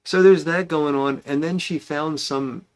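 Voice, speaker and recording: A man's voice: fairly high pitch, steady tone, a little slow, clear, resonant tone. A man hosting a casual pipe-smoking livestream, rambling and chatty as he greets viewers by name.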